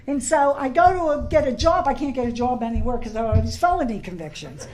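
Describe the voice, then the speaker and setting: Animated high-voiced woman sharing her story. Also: fast talker, low-quality recording. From Pittsburgh. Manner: animated, laughing, rising to shouts when excited, then soft and earnest. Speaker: recovery meeting speaker. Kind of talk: personal testimony talk. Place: convention hall.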